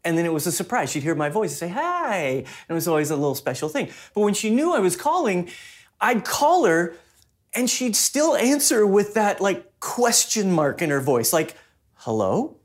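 A man's voice: high voice, expressive, moderate pace. A man preaching a sermon as a pastor, in a conversational way that mixes personal stories with teaching.

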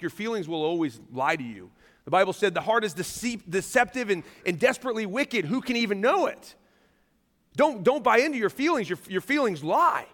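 Lively high-voiced pastor in reverb. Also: male voice. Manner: animated, self-deprecating, jokes and laughs with the congregation. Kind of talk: sermon. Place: large church hall. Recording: long hall reverb.

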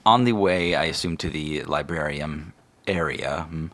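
A man's voice: extremely low pitch, a little slow, fairly bright tone. A man narrating a tabletop game as game master, rambling with lots of fillers.

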